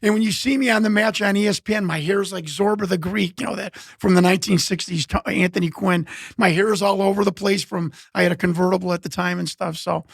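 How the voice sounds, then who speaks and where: A middle-aged man with a high, gravelly voice spins loose, winding stories and slips into voiced quotes as he goes. The sound is dry and close, with no room around it. He stops and restarts often and wanders from one tale into the next. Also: steady tone, fast, hardly any pauses, no room sound. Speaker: interview guest, former pro wrestler. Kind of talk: casual storytelling.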